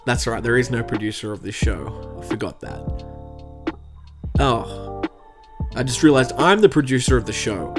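A man's voice: mid-range voice, expressive, moderate pace, pauses often, music in the background. A young man hosting a comedy podcast, chatting in a self-deprecating, jokey way before narrating a true-crime story. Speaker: podcast host.

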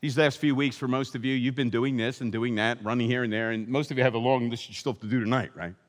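A man preaching a sermon as pastor, animated and acting out the voices of hopeful and disappointed people. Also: medium pitch, fast talker. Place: church sanctuary. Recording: long hall reverb.

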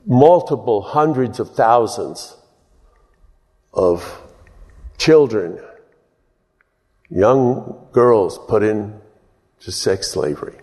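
A pastor preaching a sermon in a folksy, storytelling way, chuckling and breaking into loud exclamations. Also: male voice, fairly low pitch, expressive, very slow, pauses often. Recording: long hall reverb.

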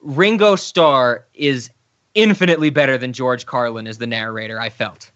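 A man co-hosting a podcast in casual chat, enthusiastic and quick to laugh. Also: medium pitch, fairly bright tone. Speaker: podcast co-host. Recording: slightly dull, lo-fi recording.

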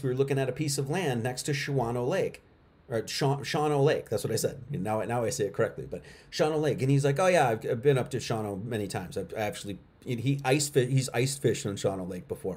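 A man's voice: medium pitch, expressive, brisk, a little mellow, husky. A middle-aged man hosting a casual livestream, talking emphatically to his viewers and repeating points for effect. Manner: emphatic and repetitive, talks to chat. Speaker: livestream host.

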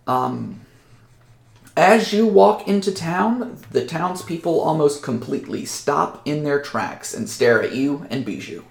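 A man hosting a podcast and narrating a tabletop game as game master, in a lively storytelling manner. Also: medium pitch, vocal fry, echoey room.

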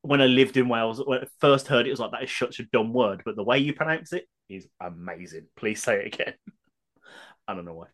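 A man's voice: mid-range voice, brisk, fairly bright tone. A man co-hosting a podcast in casual chat, reading out listener comments with jokey, sarcastic asides.

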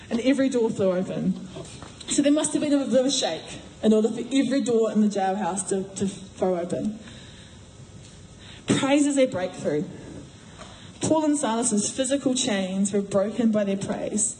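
A woman giving a sermon in a chatty, animated way, acting out voices as she retells a story. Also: on the high side, moderate pace, slight background noise. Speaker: preacher. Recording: echoey room.

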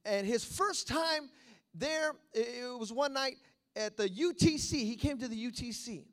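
A man, a pastor in California, telling a lively story to his church with a lot of repetition, and acting out the voices of the people in it. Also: extremely high pitch, a little slow. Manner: animated, repetitive, acts out voices. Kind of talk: storytelling sermon.

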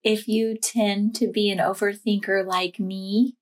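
A woman sharing a personal devotional message in a gentle, reflective way, with pauses and fillers. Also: medium pitch, level tone. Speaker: Christian devotional speaker.

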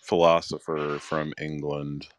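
Very deep-voiced man explaining scripture. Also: flat delivery, takes it slowly, clean tone, no room sound. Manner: explains patiently, hesitant with fillers. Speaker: podcast co-host. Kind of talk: casual chat on scripture.

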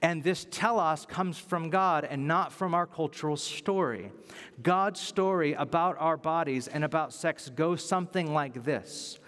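Preacher, male, slightly high voice, conversational but emphatic sermon delivery, repeats key points, long reverb of a big hall. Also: unhurried, a bit bright.

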